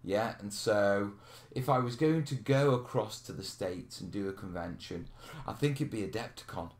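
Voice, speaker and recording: A man's voice: lowish voice, normal speed. A man hosting a live question stream, chatting casually, laughing and reading out viewer comments. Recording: roomy echo.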